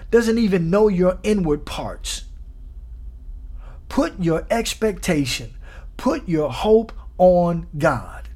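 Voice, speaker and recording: A man's voice: high voice, darkish tone. A man preaching a sermon on his podcast, exhorting his listeners with repeated questions and emphatic peaks.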